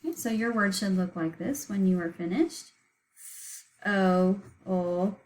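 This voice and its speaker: A woman's voice: medium pitch, lively intonation, fairly quick, rough recording. A woman teaching a recorded spelling lesson, patiently sounding out words letter by letter and syllable by syllable.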